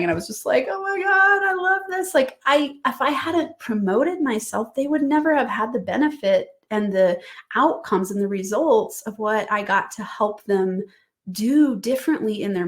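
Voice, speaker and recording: Woman podcast host, business coach; eager, chatty, emphatic, mid-pitched voice. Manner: enthusiastic, conversational, emphatic. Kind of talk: solo podcast teaching.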